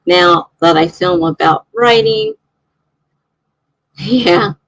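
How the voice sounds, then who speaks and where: A woman's voice: lowish voice, wildly swooping pitch, extremely slow, vocal fry, fairly bright tone, no echo, low-quality recording. A woman hosting a live stream, chatting casually and reading out viewer comments in a rambling way.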